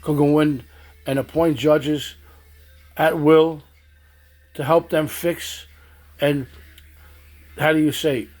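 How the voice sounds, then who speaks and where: A man's voice: fairly high pitch, fairly even intonation, takes it slowly, pauses often, darkish tone. A man giving a stern political monologue, accusing and addressing people directly. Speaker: political commentator.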